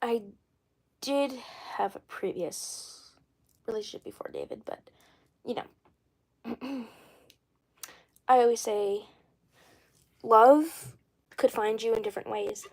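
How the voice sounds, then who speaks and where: A woman hosting a casual doll livestream, rambling and often clearing her throat. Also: on the high side, takes it slowly, long pauses, a little mellow. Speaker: doll channel host.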